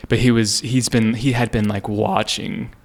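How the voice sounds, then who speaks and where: Young man, podcast co-host, casual chat, earnest, rambling, slightly low voice. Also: flat delivery, moderate pace, a crowd in the background. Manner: rambling, earnest, full of fillers and restarts.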